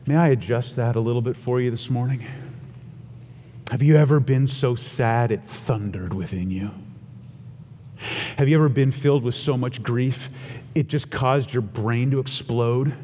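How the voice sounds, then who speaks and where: A man's voice: mid-range voice, normal speed, long pauses, warm tone, long reverb tail. A man preaching a sermon in an earnest, expository way, asking the congregation rhetorical questions.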